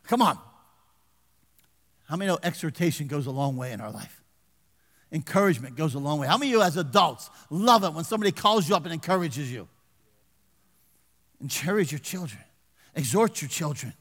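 An older man preaching a folksy sermon as pastor, swinging from loud exhortation to hushed asides and calling for amens. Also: high voice, lively intonation, a little fast, pauses often. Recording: long reverb of a large hall.

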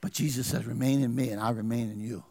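A man's voice: mid-range voice, fairly even intonation, quick pace, warm tone, long reverb tail. A man preaching a sermon as pastor, asking his congregation questions and pressing his points. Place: church.

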